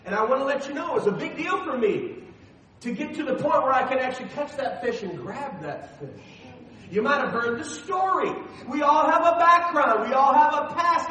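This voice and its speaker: A middle-aged pastor preaches with an unusually high, bright voice that swings widely in pitch. He tells stories with animated, self-deprecating humor. The sound is very echoey and picked up from a distance, like a large hall. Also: normal speed. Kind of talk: sermon with personal storytelling.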